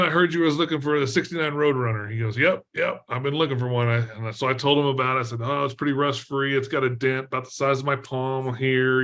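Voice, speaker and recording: A middle-aged man from Texas, a podcast guest telling a story in a lively way, laughing often and using lots of fillers. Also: mid-range voice. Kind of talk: storytelling in an interview.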